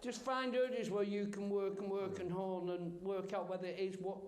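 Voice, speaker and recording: A man's voice: high voice, little pitch movement, moderate pace, darkish tone, slight background noise. A comedian at a cinema Q&A who tells a story with stammering restarts and keeps laughing as he goes. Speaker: comedian guest at a Q&A. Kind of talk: anecdotal storytelling. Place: cinema auditorium Q&A. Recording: roomy echoey cinema.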